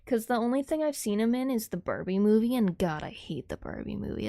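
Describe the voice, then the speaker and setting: A woman's voice: mid-range voice, expressive, a little fast, vocal fry, dark tone. A woman livestreaming, chatting casually with her viewers in a rambling, giggly way, laughing often.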